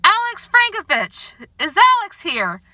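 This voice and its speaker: A woman reading a storybook aloud, voicing an announcer who calls out names loudly at a children's awards ceremony. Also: very high voice, huge pitch swings, unhurried, no echo, voice pushed up, heavily acted. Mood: announcing. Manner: calling out loudly.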